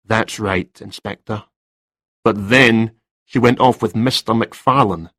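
A man's voice: fairly low pitch, slow, a bit bright, no room sound, clean studio sound. A man doing a flustered, hesitant writer. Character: flustered middle-aged male writer.

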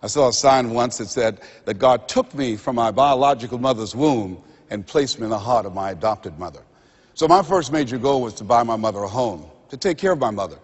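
A man delivers a motivational speech from a stage, his pitch swooping high and low as he builds each point like a preacher. His voice has a husky edge, and the lo-fi recording carries a long echo from a big hall. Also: expressive, fairly quick. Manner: dramatic, acts out quoted voices, preacher-like build-ups. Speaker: motivational speaker. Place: stage in a large hall with a live audience. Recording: lo-fi recording in a large reverberant hall.

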